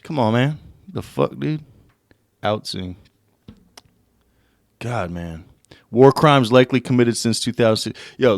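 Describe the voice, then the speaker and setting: A young man from the United States hosting a casual solo podcast, swearing and rambling as he looks things up and reads aloud haltingly. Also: mid-range voice, dry recording, studio quality. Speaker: podcast host.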